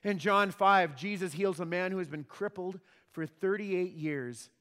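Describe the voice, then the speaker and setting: A man's voice: high-pitched, a little slow, sharp tone. A man preaching a sermon with emphatic delivery and rhetorical questions. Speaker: pastor. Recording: long hall reverb.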